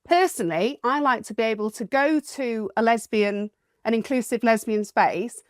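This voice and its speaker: A woman talking as a guest on a podcast in a chatty, expressive way, laughing often. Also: on the high side, moderate pace, no room sound, clean studio sound. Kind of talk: casual chat.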